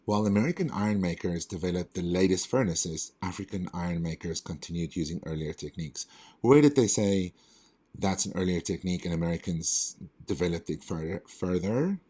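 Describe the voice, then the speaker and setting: Man, tutor, very low voice, slightly husky, thinking aloud, self-correcting. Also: brisk, warm tone. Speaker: test prep tutor. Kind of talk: walking through test questions aloud.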